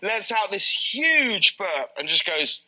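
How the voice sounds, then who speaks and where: Bright, lively man telling stories. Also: high-pitched, rough recording. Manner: excitable storyteller, quick bursts, many restarts. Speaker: talk show guest. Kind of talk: casual chat, animated anecdote.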